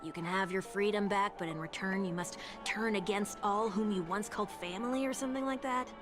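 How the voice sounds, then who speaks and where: A woman's voice: mid-range voice, brisk, natural voice. An actress voicing a blunt, sarcastic young woman companion who teases and challenges, with music behind. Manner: blunt and teasing. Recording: game audio with loud music behind.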